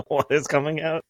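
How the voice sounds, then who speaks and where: A man co-hosting a podcast in casual chat, laughing easily and throwing in quick, dry quips. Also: fairly high pitch, dry recording, poor audio. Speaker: podcast co-host.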